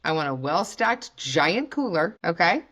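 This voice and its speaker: A woman's voice: on the low side, very animated, a little slow, fairly bright tone. A woman hosting a podcast, chatting casually and animatedly with lots of fillers. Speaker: podcast host. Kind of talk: casual chat.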